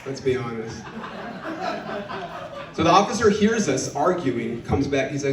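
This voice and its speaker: A man's voice: medium pitch, sing-song, unhurried, pauses often, distant mic. A young man doing a stand-up set, telling a brash, profane story and acting out the people in it. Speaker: stand-up comedian. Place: comedy club stage. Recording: roomy club sound, audience laughter. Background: audience laughing.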